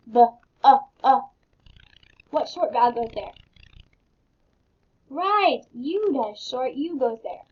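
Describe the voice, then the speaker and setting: A woman's voice: sits high, husky. A woman teaching a phonics lesson to young children, patient and encouraging, spelling words out letter by letter. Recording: dull lo-fi sound.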